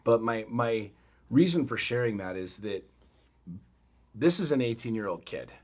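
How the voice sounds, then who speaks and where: A middle-aged man co-hosting a podcast, telling a story in a blunt, profane, animated way. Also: mid-range voice, normal speed. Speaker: podcast co-host. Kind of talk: casual chat.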